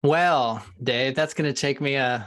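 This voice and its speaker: A man with a mid-range voice answers as a sales trainer on a video call. He sounds animated and leans hard on key words. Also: mid-range voice, a little slow. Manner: animated and emphatic, stressing words for effect. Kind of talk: interview answers.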